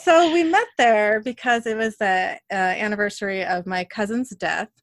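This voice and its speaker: A woman's voice: mid-range voice, moderate pace, no echo. A woman co-hosting a casual podcast, telling stories in a chatty way with restarts. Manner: chatty storytelling, trails off in restarts. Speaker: podcast co-host. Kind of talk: casual chat.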